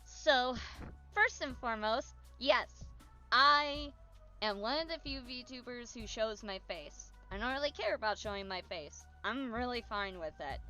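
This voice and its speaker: A woman's voice: fairly high pitch, lively intonation, unhurried, sharp tone, soft background music. A woman chatting casually on a stream as a VTuber, bubbly and chatty but tired and yawning.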